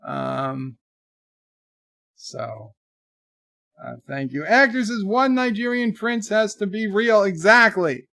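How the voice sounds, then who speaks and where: Chatty male streamer in his forties, slightly high voice, reads out chat messages, dry close sound. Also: expressive, slow pace, creaky, long pauses, bright, forceful tone, no room sound. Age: 40s. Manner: chatty, reads viewer messages aloud in a lifted voice. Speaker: livestream host. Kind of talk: casual live commentary, reading viewer chats.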